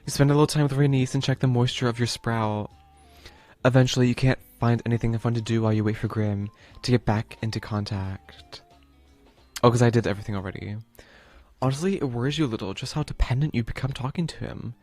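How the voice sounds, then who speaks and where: A man's voice: medium pitch, fairly even intonation, fast, darkish tone, soft background music. A man streaming a video game, chatting casually in a rambling, playful way full of fillers, and reading the game text aloud.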